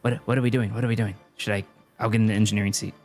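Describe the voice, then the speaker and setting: A man voicing a panicky, flustered crew member who rambles fast. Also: lowish voice, little pitch movement, a little mellow, faint music behind, lightly acted.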